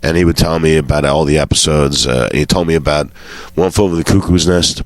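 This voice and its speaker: A man with a deep, low voice recounts showbiz anecdotes as a guest on a talk show. He swears casually and slips into the voices of the people he quotes. The sound is dry and close, with no room around it. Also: fairly even intonation, a little fast, dry recording. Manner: swearing storyteller who acts out quotes. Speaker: comedian guest.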